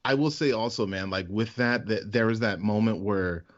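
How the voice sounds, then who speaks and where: Hesitant low-voiced man, lo-fi podcast. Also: moderate pace. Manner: thoughtful, hesitant, many restarts. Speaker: podcast co-host. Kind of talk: casual movie review chat. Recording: dull lo-fi podcast audio.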